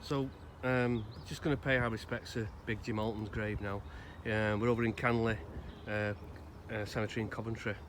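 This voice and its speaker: A man's voice: fairly low pitch, level tone. Man rambling outdoors. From Salford, England. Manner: rambling and conversational, with many pauses. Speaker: grave-visiting vlogger. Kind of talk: casual spoken tribute and storytelling. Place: outdoors in a cemetery. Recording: outdoor noise behind the voice.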